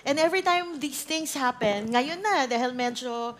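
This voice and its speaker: A woman's voice: a little high, normal speed, few pauses, slight background noise. A middle-aged woman with a Filipino accent giving a conversational talk to a women's ministry group, switching between Tagalog and English and often checking in with the audience. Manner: chatty, mixes Tagalog and English, keeps asking the audience. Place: church training session before an audience.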